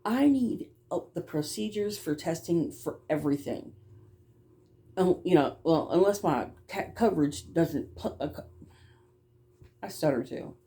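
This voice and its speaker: A woman's voice: on the low side, expressive, mellow. A woman who runs a childcare business, telling a story casually, bluntly and with swearing, stumbling over words now and then. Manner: talks fast at times. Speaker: childcare provider.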